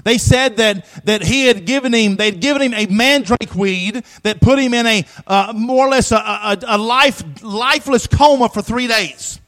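High-pitched preacher man, sharp bright tone, repeats himself, goes loud then quiet, asks for amens. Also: moderate pace, hardly any pauses, rough recording. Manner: emphatic preaching, repeats phrases, swings from loud to hushed; asks the congregation for responses. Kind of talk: sermon.

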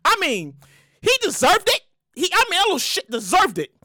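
A woman hosting her own podcast in a casual solo monologue, loud, hyped, profane and rambling, often repeating herself. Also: extremely high pitch, wildly swooping pitch, a little fast, no room sound, clean studio sound. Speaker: podcast host.

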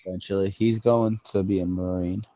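A man's voice: low voice, fairly even intonation, a little fast, no echo, lo-fi sound. A young man co-hosting a podcast, chatting casually and swearing freely. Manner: profane, laid-back, bursts into loud acting. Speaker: podcast co-host. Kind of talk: casual chat.

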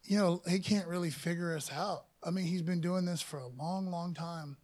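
A man preaching a casual sermon as pastor, dropping "man" and "you know" asides and lifting his voice when he reads scripture. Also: normal speed. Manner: reads scripture louder and higher.

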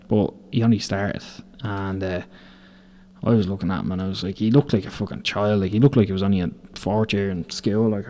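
This podcast host is an Irish man in his twenties with a lowish, slightly dark voice. He tells meandering, foul-mouthed tales from construction sites in a relaxed storytelling style, laughing as he goes.

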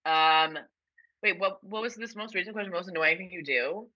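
A woman's voice: lowish voice, moderate pace. A woman in her twenties co-hosting a casual chat, joking and profane, who slips into silly voices. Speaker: podcast co-host. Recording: dull lo-fi audio.

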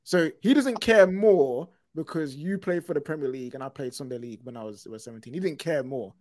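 A man hosts a casual podcast chat, jumping in with quick excited bursts. His voice sits slightly high, recorded dry and close. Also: no room sound. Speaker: podcast host.

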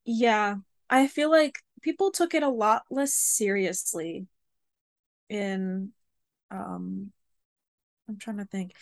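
A young woman in her twenties talks casually with a friend on a podcast. She tells stories in an animated, chatty way with lots of fillers. Her voice sits at a middle pitch, and the recording is dry and close. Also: takes it slowly, gravelly, long pauses, no room sound. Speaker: podcast co-host. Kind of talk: casual chat.

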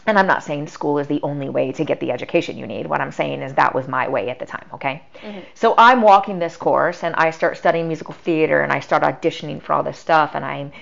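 A middle-aged woman talks as a podcast guest, telling her own story in a chatty way that leans on "like" and acted-out dialogue. Her voice sits fairly low with a gravelly fry, and the recording sounds dull and lo-fi. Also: fast, fairly bright tone. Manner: chatty, full of "like" and quoted dialogue. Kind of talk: personal storytelling.

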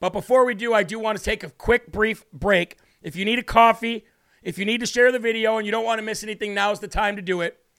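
High-voiced emphatic male commentator. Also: steady tone, quick pace, a bit bright, clean tone. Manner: emphatic, rhetorical questions, sarcastic asides. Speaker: host. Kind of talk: live political commentary.

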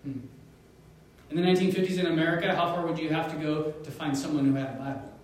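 A male pastor preaching a sermon, telling a story with animated asides, chuckles and pauses. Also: fairly high pitch, heavy reverb, recorded from a distance, rough recording. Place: church sanctuary.

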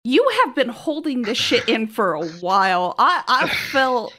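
A woman's voice: fairly high pitch, sing-song, unhurried, pushed and bright. Woman, podcast co-host, casual chat, egging on, bouncy intonation. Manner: teasing, laughing, egging on.

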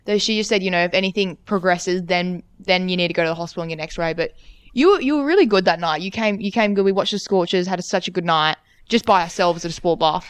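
A woman's voice: on the low side, fast talker, clean tone, dry recording. A young woman co-hosting a podcast, chiming in casually to correct and add details. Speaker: podcast co-host. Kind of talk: casual chat.

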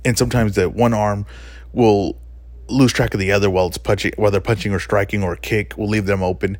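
Lowish guy ranting on his podcast, keeps correcting himself, dry close mic. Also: little pitch movement, brisk, no echo. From Mexican heritage. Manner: opinionated, emphatic, self-correcting. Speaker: podcast host. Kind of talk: solo podcast monologue on fights.

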